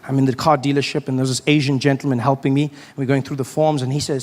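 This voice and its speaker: A man doing stand-up, telling a story in an animated way and jumping into loud shouts. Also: medium pitch, quick pace. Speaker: stand-up comedian.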